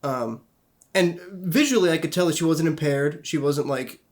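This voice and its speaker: A man's voice: a little high, normal speed. A young man co-hosting a casual podcast, telling rambling, profane anecdotes. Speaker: podcast co-host. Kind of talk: casual chat.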